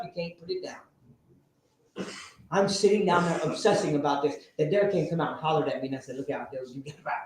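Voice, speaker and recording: A man telling his recovery story to a live audience, animated and sometimes shouting. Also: sits high. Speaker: speaker sharing a recovery story. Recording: very echoey room, faint noise.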